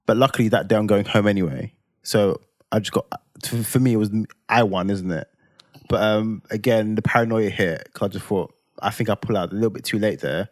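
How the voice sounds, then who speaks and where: A man, telling a personal story on a podcast in an animated, dramatic way with slang tags. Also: on the low side, fairly quick, no echo, clean studio sound. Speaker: podcast co-host. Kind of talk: casual storytelling chat.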